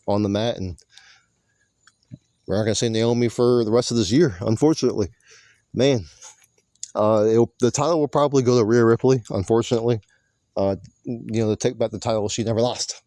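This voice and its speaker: A man's voice: medium pitch, moderate pace, long pauses, dark tone, no echo. A man recapping a wrestling show in a loose, rambling monologue, swearing casually and often correcting himself. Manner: rambling, profane, self-correcting.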